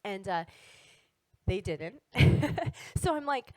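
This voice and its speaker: A woman who teaches wellness, telling a personal story to an audience in an animated, casual way. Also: mid-range voice, very slow, no room sound, rough recording.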